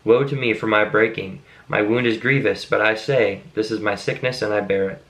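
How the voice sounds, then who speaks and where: Low-voiced man reading scripture aloud. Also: poor audio. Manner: steady, measured reading with brief asides to explain words. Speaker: Bible reader.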